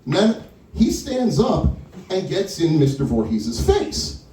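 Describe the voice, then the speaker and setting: A man performing stand-up, telling a story in an animated way and acting out the other people's lines. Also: high-pitched, slow pace, a little hiss or hum. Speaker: stand-up comedian. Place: small wine lounge stage. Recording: echoey room with mic far off, crowd audible. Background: audience laughter and crowd chatter.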